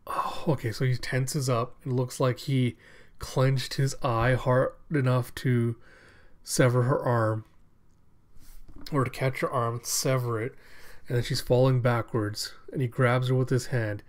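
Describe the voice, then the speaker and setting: A man casually reading a comic aloud, describing the panels in a slow, amused way. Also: medium pitch, little pitch movement. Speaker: comic reader. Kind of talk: casual read-aloud narration.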